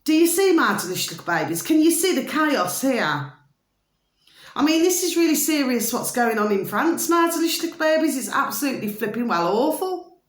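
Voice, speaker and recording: A woman vlogger in a Birmingham accent chats briskly and casually to camera in a high, sing-song voice. She rambles, using lots of fillers and affectionate names for her viewers, and the room is echoey.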